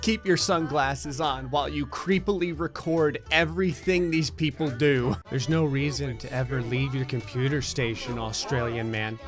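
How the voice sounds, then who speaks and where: A man giving comedic, sarcastic commentary while playing a life-sim game, swinging from shrieking excitement to a low menacing mutter. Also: normal speed, hardly any pauses, music in the background. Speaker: gaming commentator. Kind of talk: comedic let's play commentary.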